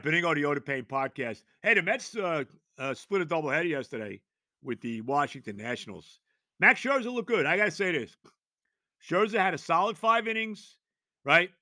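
A man's voice: a little high, pushed and bright, no room sound. An older man, hosting a solo sports podcast and ranting emphatically, with rhetorical questions and cursing. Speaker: podcast host.

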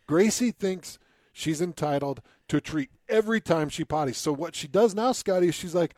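A man's voice: a little high, a little fast, a little mellow, no echo. Chatty man gushing about dogs. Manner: enthusiastic dog lover, chatty, laughs often. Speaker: radio co-host. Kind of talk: casual chat.

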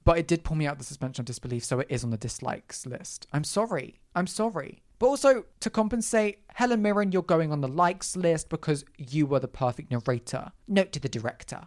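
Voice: mid-range voice, fairly quick, few pauses. A young adult podcast host talking alone in a casual, campy, sarcastic rant, full of asides and apologies. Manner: animated, campy, sarcastic ranting with frequent asides.

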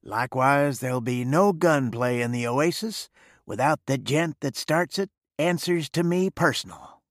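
A man's voice: mid-range voice, unhurried, no room sound, studio quality, lightly acted. A man voicing a cool, sarcastic gang boss in a western story, with an ironic drawl.

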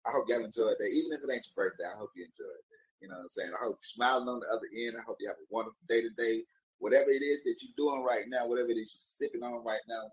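A man's voice: mid-range voice, dull audio. A man talking casually and playfully to his viewers, rambling with jokes and wordplay while wishing them a good day. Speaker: vlogger giving daily encouragement. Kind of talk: casual motivational talk to camera.

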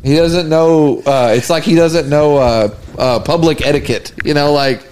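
A man's voice: on the high side, moderate pace, a little mellow, slight background noise. A man co-hosting a podcast, telling profane, laughing anecdotes in casual chat. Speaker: podcast co-host.

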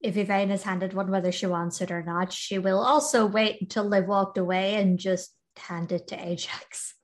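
Female player, mid pitch, dry matter-of-fact casual chat. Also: fairly even intonation, moderate pace. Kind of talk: casual tabletop play.

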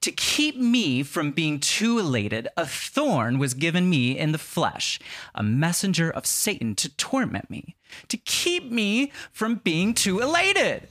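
A man's voice: on the high side, very animated, slow, fairly bright tone, no echo, clean studio sound, voice pushed up, full character voice. A man doing a whiny, self-pitying apostle. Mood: whining. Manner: whiny and nasal, drawn out.

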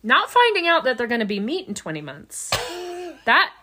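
A woman co-hosting a podcast, telling a story in a casual, animated way and laughing often. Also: on the high side, normal speed. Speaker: podcast co-host.

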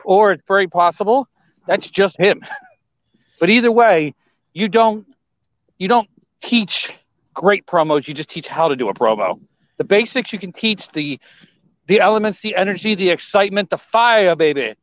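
High-voiced excitable man, dull lo-fi audio. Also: moderate pace, pauses often, dry recording. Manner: excitable, rambling opinions. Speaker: podcast co-host. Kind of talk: casual wrestling podcast chat. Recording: dull lo-fi sound.

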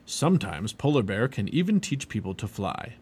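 A man voicing an adult male seal hunter in a read-aloud storybook, speaking in a steady, unhurried way. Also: lowish voice, breathy edge. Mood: calm.

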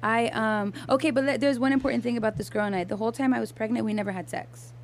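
A woman's voice: a little high, steady tone, fast. A young adult woman telling a personal story in casual podcast chat, candid and swearing freely, with lots of fillers and restarts. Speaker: podcast guest.

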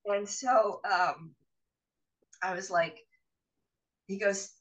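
A middle-aged woman, a podcast guest, telling a personal story in an animated way and acting out the voices of others. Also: medium pitch, drawn-out words, distant mic, low-quality recording.

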